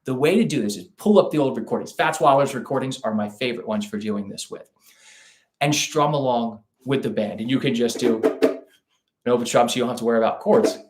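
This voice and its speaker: A man teaching a live online ukulele lesson in a relaxed, chatty way, scatting rhythms aloud as he demonstrates. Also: mid-range voice, brisk, reverberant. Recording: ukulele playing loudly behind the voice. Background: ukulele playing.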